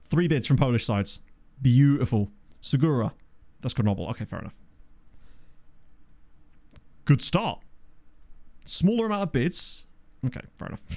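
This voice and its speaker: A man giving casual gameplay commentary from a home desk microphone, chatty and thinking aloud, often breaking into excited exclamations. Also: medium pitch. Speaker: game commentator.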